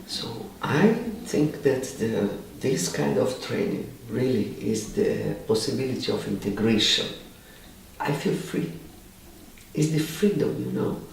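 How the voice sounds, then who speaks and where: A man, a body psychotherapist, answering interview questions animatedly in halting English full of "you know". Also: mid-range voice, gravelly, a little mellow. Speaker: body psychotherapist and training lecturer. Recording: roomy, distant mic, faint background noise.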